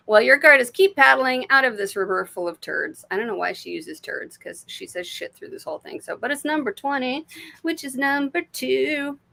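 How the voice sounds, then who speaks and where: A woman's voice: high-pitched, animated, moderate pace, gravelly, sharp tone. A woman with an American accent giving live intuitive card readings. She talks in a chatty, swearing way, laughing often and dropping to murmurs when she asks for messages. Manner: drops to murmurs and whispers when asking spirit. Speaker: intuitive reader.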